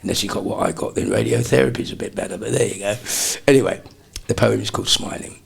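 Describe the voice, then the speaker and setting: Gravelly, husky older man. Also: fairly low pitch. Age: 60s. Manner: animated storyteller, slips into quick impressions. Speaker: comedian guest. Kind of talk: chatty interview anecdotes.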